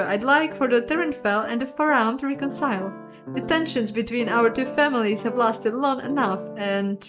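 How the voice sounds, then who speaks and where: A woman plays a poised young empress, her voice lifted high above ordinary speech, formal and measured as she argues her case. Clear guitar music runs behind her in this narrated game. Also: close to an everyday voice.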